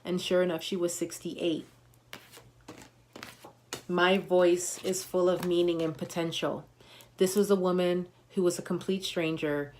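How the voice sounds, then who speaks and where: Woman, motivational speaker on a live stream, slightly low voice, punchy and emphatic. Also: little pitch movement, measured pace, pauses often, a little mellow, slight background noise. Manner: emphatic, coaching, repeats affirmations with punchy slang. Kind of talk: motivational talk on a livestream.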